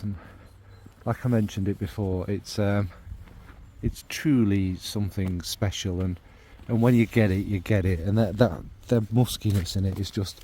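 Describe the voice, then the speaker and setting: A man's voice: fairly low pitch, slight background noise. A man, talking casually and at length to his vlog audience, rambling and enthusiastic. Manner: rambling, warm and enthusiastic about scents. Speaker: fragrance vlogger. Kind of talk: casual rambling chat to camera.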